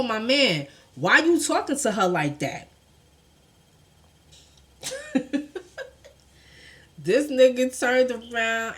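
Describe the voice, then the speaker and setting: A woman from New York with a New York accent, telling a storytime tale in a blunt, profane way, talking straight to the viewers. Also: medium pitch. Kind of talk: casual storytime vlog.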